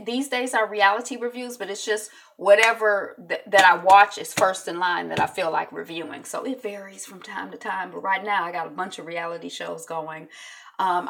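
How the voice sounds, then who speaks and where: Woman, casual recap vlog, rambling, lots of ums, bright, animated. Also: medium pitch, gravelly. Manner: chatty, rambling with many ums. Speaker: YouTube TV recap host.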